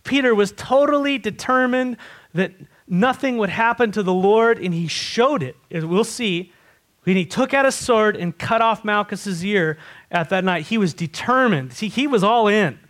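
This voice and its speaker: A man preaching a sermon, animated and asking his listeners questions. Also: high voice, moderate pace. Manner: animated, asks the congregation questions. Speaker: pastor.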